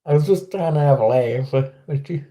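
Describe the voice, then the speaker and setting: Chatting live with viewers from his home, this English livestream host rambles and makes self-deprecating remarks in a casual way. He speaks a little fast, with a fairly high pitch and a dark tone.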